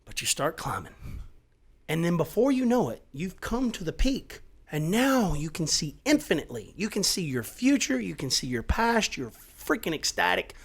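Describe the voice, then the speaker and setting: A man's voice: high voice, normal speed, husky. Emphatic, swearing middle-aged man. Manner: emphatic, profane, animated storytelling. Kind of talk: casual chat.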